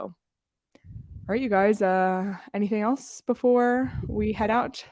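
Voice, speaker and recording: Female podcast host, mid-range voice, dry close mic, brisk chatty ad reads. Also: medium pitch, a little mellow, dry recording. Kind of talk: casual chat and ad reads.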